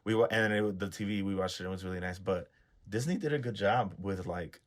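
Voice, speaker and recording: Man, lowish voice, casual podcast chat, rambling, searches for words. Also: fairly quick. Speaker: podcast host.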